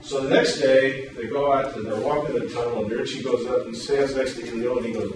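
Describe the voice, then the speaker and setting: A male workshop presenter telling a story in a lively way, then explaining a program, recorded from a distance in a large room. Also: medium pitch, fairly quick, few pauses. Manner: animated storyteller, loud acted quotes. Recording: echoey hall, distant mic, room noise.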